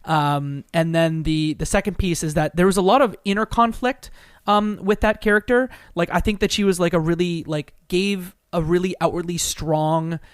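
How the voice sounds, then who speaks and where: A man's voice: sits high, steady tone, normal speed, clean tone, no echo. Chatty man, dry close sound. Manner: rambling, heavy "like" filler. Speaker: podcast co-host. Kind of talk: casual chat about a video game.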